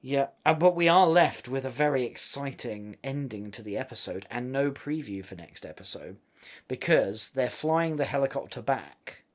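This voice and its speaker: A man co-hosting a casual recap podcast, talking with an animated, laughing energy. His pitch swings widely from phrase to phrase as he gets worked up. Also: normal speed. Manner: animated, laughing, loud acted-out quotes. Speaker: podcast co-host.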